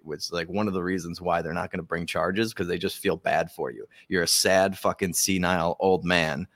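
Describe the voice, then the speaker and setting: Deep-voiced profane man on a podcast. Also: steady tone, normal speed, a bit bright, no echo, studio quality. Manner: profane, sarcastic, laughing. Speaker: podcast co-host. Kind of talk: casual political commentary.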